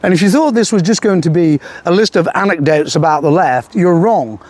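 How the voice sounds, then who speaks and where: An older man from England ranting through a political monologue, aggressive, profane and threatening, with halting restarts. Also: high-pitched, a little mellow. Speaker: political commentator.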